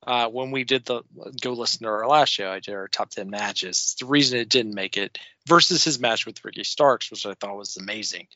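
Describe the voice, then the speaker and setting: An excitable man co-hosting a podcast, swearing freely and laughing as he gushes. His voice is bright and forceful. The sound is dull and dry, close on the mic. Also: on the low side, fairly quick, few pauses, no echo. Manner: excitable, profane, laughing often. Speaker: podcast co-host. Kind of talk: casual wrestling review chat.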